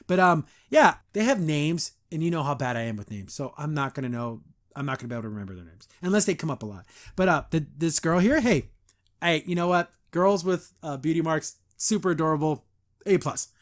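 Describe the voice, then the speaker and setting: A man's voice: a little high, expressive. A young man hosting a podcast, reviewing a cartoon episode in casual, chatty commentary and mimicking the characters as he goes. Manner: chatty, quotes characters in quick voices, frequent laughs.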